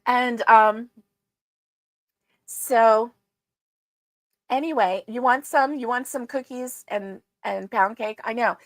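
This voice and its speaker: A woman's voice: on the high side, slow, long pauses, dry recording. A woman hosting a casual livestream, chatting and rambling with many fillers and greeting her viewers. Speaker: livestream host. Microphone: streaming setup.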